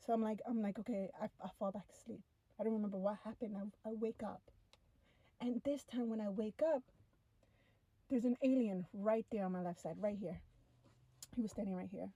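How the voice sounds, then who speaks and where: A young woman tells a first-person story to camera in an animated, breathless way, with many "like" fillers. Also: mid-range voice, slightly rough, no echo, low-quality recording.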